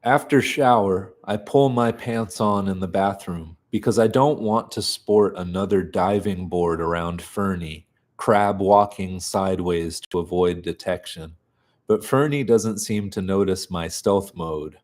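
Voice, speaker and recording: A man reading a novel aloud in an unhurried, deadpan way. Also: deep voice. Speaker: reader of a novel.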